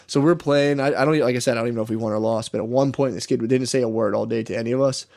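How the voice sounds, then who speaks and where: A man's voice: medium pitch, fairly even intonation, fast talker, few pauses, a little mellow. Young texas guy on a podcast, rambling and swearing through a story, does little voices for everyone. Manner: rambling, profane, acts out quotes. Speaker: podcast co-host. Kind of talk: casual storytelling.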